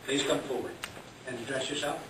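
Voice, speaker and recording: A man's voice: mid-range voice, a little fast. Man chairing a meeting in an echoey hall. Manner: relaxed, joking. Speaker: board chairman. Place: large government chamber. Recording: echoey chamber, distant mic, hiss.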